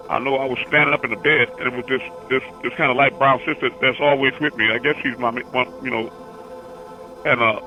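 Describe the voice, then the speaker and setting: A man's voice: medium pitch, highs cut off. A man hosting a call-in session, talking casually and rambling, repeating words as he recounts long visions. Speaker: host answering callers.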